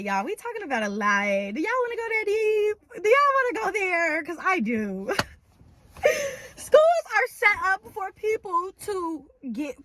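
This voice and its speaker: A woman talks straight to her viewers in a casual vlog. Her voice sits a little high, and she builds her points through emphatic, preacher-like repetition. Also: a bit bright, no room sound. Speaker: vlogger. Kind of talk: casual talk to camera.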